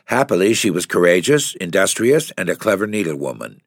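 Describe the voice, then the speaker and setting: A low-voiced man narrates a classic novel in a measured, even style. His delivery is close and dry, with no room sound. It suits a steady audiobook reading. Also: no echo. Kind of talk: scripted narration.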